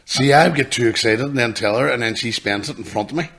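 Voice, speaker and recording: A man's voice: medium pitch, fast. A man, teasing his co-host in a casual podcast chat. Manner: teasing, excitable.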